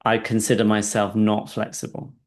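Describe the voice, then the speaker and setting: A man coaching a client through a guided session, speaking calmly and checking in often with "right?". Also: lowish voice, normal speed. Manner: calm and soft-spoken in guidance, animated when telling stories; frequent "right?" check-ins, laughs between points.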